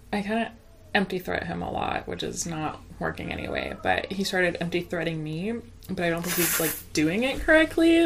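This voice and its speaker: On a podcast, a young mom chats casually, telling stories animatedly and laughing often. Her voice is lowish and gravelly, with a little hiss or hum in the recording.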